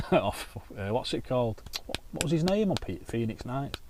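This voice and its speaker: A man's voice: medium pitch, big pitch swings, normal speed, darkish tone, a little hiss or hum. A man chatting casually to camera outdoors by a lake, telling anecdotes while fishing. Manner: chatty anecdotal storytelling with swearing. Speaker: carp angler and vlogger.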